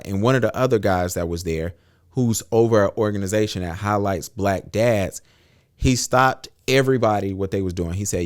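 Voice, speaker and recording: Brief: male podcast co-host, lowish voice, easygoing storyteller, agrees a lot. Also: normal speed. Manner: relaxed storytelling, frequent agreeing "mm-hmm". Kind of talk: casual podcast talk.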